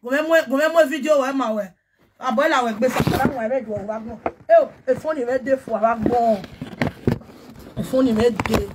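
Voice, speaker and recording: A woman from Nigeria with a Nigerian Pidgin accent, ranting excitedly on a casual livestream and breaking into chanted syllables and laughter. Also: fairly high pitch, normal speed, very noisy. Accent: Nigerian Pidgin English. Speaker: social media personality.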